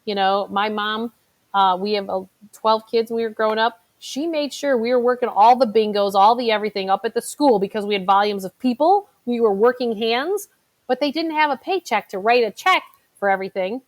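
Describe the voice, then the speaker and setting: A middle-aged financial advisor from Chicago gives a motivational talk, telling stories in a chatty way full of fillers. Her voice is a little high and a little fast.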